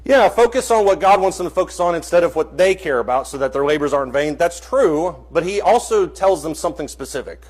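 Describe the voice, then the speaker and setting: Husky man teaching a Bible class. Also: a little high, expressive, fast, few pauses, darkish tone. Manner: asks the class questions and calls on students.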